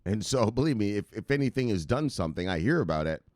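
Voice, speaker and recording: A man's voice: lowish voice, lively intonation, quick pace, darkish tone, no room sound, clean studio sound. A man hosting a casual crypto news show, playful and loose, chanting sing-song refrains and swearing freely. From United States. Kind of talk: casual market commentary.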